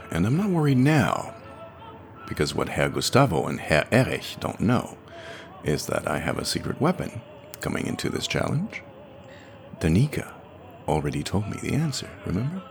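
A cheeky young dream traveler, telling his story in a wry, chatty tone. His voice sits extremely low, with lively swings in pitch and a gravelly rasp. Faint music plays underneath. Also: exaggerated voice. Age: young adult. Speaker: narrator. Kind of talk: audio drama monologue narration.

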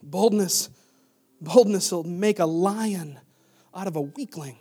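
A middle-aged male pastor preaching a sermon in a church, swinging from loud bursts to hushed near-whispers. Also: high voice, takes it slowly, slightly rough. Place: church sanctuary.

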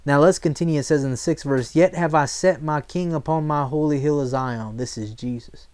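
A man preaching a sermon, reading scripture and acting out quick voices of the people he talks about. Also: fairly high pitch, clear, resonant tone. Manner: animated preaching, acts out voices. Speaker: pastor.

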